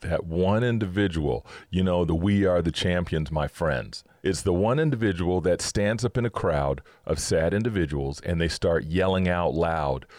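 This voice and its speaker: Chatty deep-voiced man, dry close sound. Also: normal speed, hardly any pauses, no room sound. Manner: chatty, upbeat, laughs often, breaks into excited cheering. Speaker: podcast host. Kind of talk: casual Christian teaching talk.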